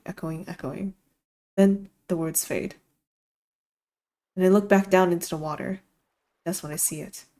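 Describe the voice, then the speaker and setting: A woman's voice: fairly low pitch, dark tone. A woman streamer giving an intense, dramatic first-person reading of a visual novel.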